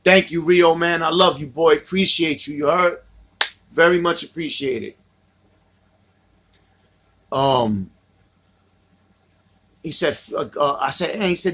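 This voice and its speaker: Middle-aged New York man, husky, slightly high, casual livestream host swapping stories. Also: slow, long pauses, pushed and bright. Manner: reminiscing, reading out viewer comments.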